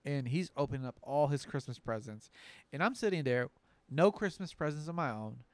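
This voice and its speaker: A man in his thirties chats on a podcast and tells stories with lively energy. His voice sits at a medium pitch, and the recording is close and dry with no room sound. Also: fairly quick, dry recording. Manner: animated storyteller, acts out quoted voices. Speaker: podcast co-host. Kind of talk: casual chat.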